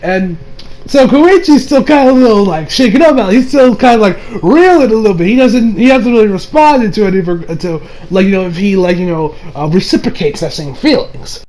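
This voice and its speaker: A man with a high voice gives a casual recap of an anime episode. He rambles loosely and stacks filler words between his thoughts. His delivery is relaxed and conversational. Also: a little fast, low-quality recording. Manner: rambling, full of "like" and "you know" fillers. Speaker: anime reviewer.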